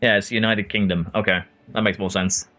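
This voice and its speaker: Over faint background music, a man from Norway talks through a racing management game and reads his chat, responding to viewers by name with frequent chuckles. His voice is fairly low with a sharp tone and fairly even intonation, delivered at a fairly quick pace.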